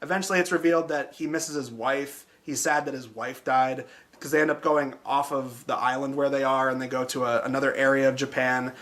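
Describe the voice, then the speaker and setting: A male movie-show host talking casually and at length, his sentences looping back with "like" and "you know" as he goes. He swears freely and keeps an easygoing, unscripted flow. His voice sits at an ordinary pitch for a man. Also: steady tone, a little fast, fairly bright tone. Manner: rambling, filler-heavy, swears freely. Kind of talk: casual spoken movie recap.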